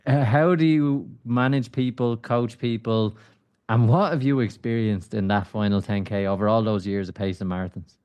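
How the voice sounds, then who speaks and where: A man's voice: lowish voice, fairly even intonation, moderate pace, a little mellow, smooth. Man hosting a joking podcast chat. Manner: joking, teasing questions. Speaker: podcast host. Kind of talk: casual interview chat.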